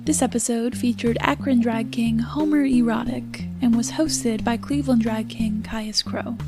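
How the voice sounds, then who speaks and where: A woman's voice: on the high side, fairly even intonation, moderate pace. A drag king hosting a casual podcast interview, attentive and encouraging with short affirmations. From Ohio. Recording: music playing behind.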